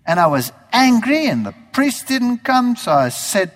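Man from Germany telling his conversion story; lively, acts out past thoughts, pitched high, long hall echo. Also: a little slow. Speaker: speaker giving a testimony. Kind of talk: spoken testimony. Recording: hall reverb.

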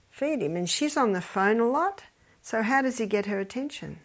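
A woman's voice: mid-range voice, lively intonation, moderate pace. An older woman, casually giving advice, telling stories and acting out the people in them. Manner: storytelling, acts out quoted voices, quotes scripture.

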